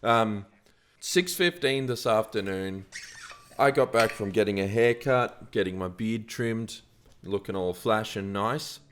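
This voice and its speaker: A man co-hosting a casual chat podcast, with a lowish voice. He tells stories with energy, jumping up loudly when he acts out what people said. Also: a little slow, a little hiss or hum. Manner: animated storyteller, acts out quotes loudly. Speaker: podcast co-host.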